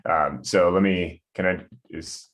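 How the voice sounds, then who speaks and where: A man with a very deep, low-pitched voice runs a board meeting over a video call. He speaks haltingly, restarting sentences and filling pauses with ums and uhs. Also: steady tone, a bit bright. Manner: hesitant, many fillers and restarts. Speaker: board chair.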